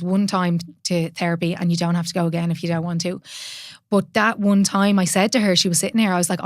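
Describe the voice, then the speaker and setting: Earnest Irish woman, low and dry. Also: no room sound. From Ireland. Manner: earnest, open, swears casually. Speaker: podcast host. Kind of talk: candid conversational storytelling.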